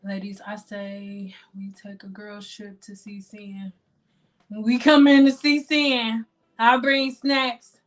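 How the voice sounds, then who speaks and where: A woman hosting a casual hair care live stream, loud and dramatic, swearing and talking straight to her chat. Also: mid-range voice, little pitch movement, slow.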